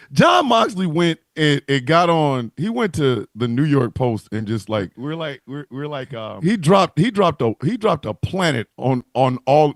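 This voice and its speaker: Speaking at a medium pitch with no room sound, this man banters casually on a video call while co-hosting a wrestling talk livestream. His delivery is animated, full of jokes and profanity.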